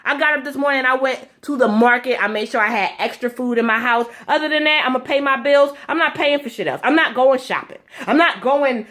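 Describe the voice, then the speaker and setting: A woman's voice: sits high, fairly quick, few pauses, fairly bright tone. A woman, delivering an angry, blunt, profane political rant straight to her viewers. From United States. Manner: heated, blunt and profane, speaking directly to viewers. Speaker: vlogger.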